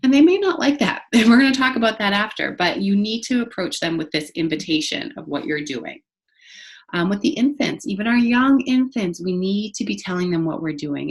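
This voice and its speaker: A woman's voice: medium pitch, expressive, fairly quick. A woman giving a recorded training talk to childcare staff, speaking conversationally to the camera with many fillers and restarts. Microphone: facing the camera.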